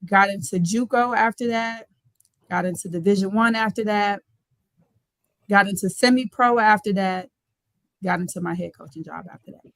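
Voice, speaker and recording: A young woman, a basketball coach, telling her story in a casual, colloquial way during an interview, animated and laughing often. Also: mid-range voice, moderate pace, long pauses, no room sound. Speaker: guest, head basketball coach.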